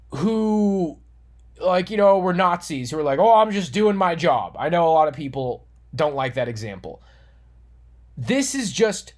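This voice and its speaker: Man, online commentator, earnest moralizing rant, repeats himself, restarts words. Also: high voice. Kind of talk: monologue rant.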